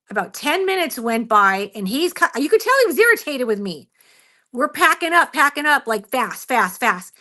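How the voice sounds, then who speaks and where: This is a woman guest on a radio show, recounting a story with lively, expressive energy. Her voice is fairly high and very bright, and she laughs often as she talks. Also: moderate pace. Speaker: Bigfoot researcher guest.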